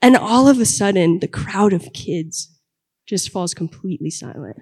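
A woman's voice: medium pitch, animated, moderate pace, a little mellow, husky. A young woman telling a personal story to an audience in a conversational, comic way that builds to punchlines. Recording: long hall reverb.

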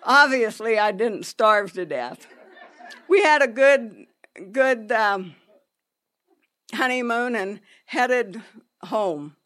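A woman telling a personal story in an unhurried, halting way, with pauses and restarts. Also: fairly high pitch, expressive, a bit bright.

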